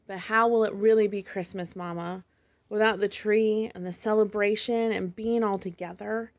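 A woman's voice: mid-range voice, fairly even intonation, moderate pace, lightly acted. Young boy fox kit, a woman voicing him, anxious, earnest, fretful, slightly dull recording. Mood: pleading.

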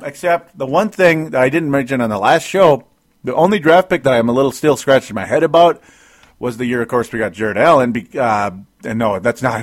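A man hosting a sports talk show, chatting casually with listeners, rambling and laughing at his own asides. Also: lowish voice.

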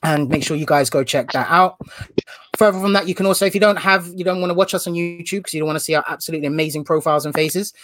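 Man, podcast host, fairly high pitch, dry, energetic, joking. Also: fast, no echo. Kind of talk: casual podcast chat.

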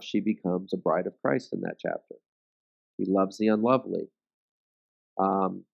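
A man's voice: medium pitch, muffled recording. A man leading a Bible study, teaching in a conversational way and often checking in with his listeners.

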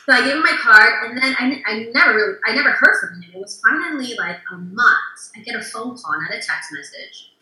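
A woman interior designer, appearing as a guest, tells stories in a bubbly, casual chat and acts out other people's lines. Her voice is a little high, bright and forceful, with lively intonation and a slightly fast pace. The recording is reverberant and low quality.

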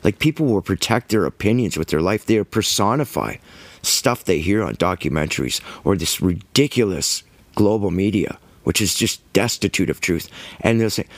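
A man's voice: low-pitched, expressive, moderate pace, no room sound. A man preaching a sermon, emphatic and scornful, firing rhetorical questions at his listeners.

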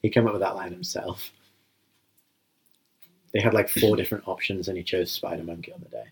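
A man with a low, husky voice chats his way through a film commentary. He jokes crudely and rambles from one aside to the next. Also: fairly even intonation, fairly quick. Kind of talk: casual film commentary chat.

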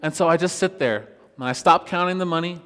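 A worship pastor telling a personal story in a relaxed, conversational sermon, laughing often as he talks. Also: fairly high pitch, a little fast, clear, resonant tone. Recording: long reverb of a church hall.

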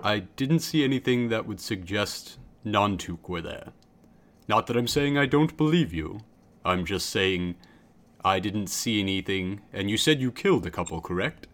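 A man voicing a composed, businesslike male guild member who speaks slowly and deliberately. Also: lowish voice, lively intonation, a bit bright. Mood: matter-of-fact.

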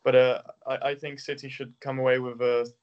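A man on a football podcast panel, giving a measured, slightly hesitant prediction. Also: medium pitch, flat delivery. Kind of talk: casual football chat. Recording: dull lo-fi line.

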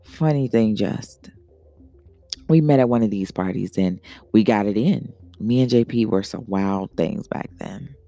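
A woman's voice: a bass voice, measured pace, mellow, faint music behind. A man voicing a frank, motherly woman swinger with a New Orleans accent who calls everyone baby. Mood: reassuring. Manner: calls people baby, blunt advice. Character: sassy older woman swinger, soothing and frank.

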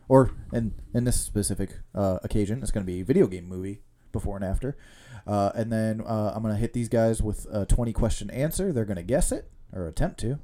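A man's voice: fairly low pitch, dark tone. A man hosting a casual podcast over a video call, rambling loosely, swearing and laughing often. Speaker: podcast host.

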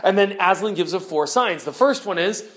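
A man retelling a children's book aloud in an expressive, animated way, swinging between loud bursts and hushed lines. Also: sits high, moderate pace. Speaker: storyteller.

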